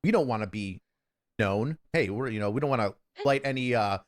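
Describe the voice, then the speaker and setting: A man in casual conversation telling a story with animated delivery. He drops into quick voices for the people he quotes, then goes back to his plain, mid-pitched storytelling voice. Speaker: guest storyteller.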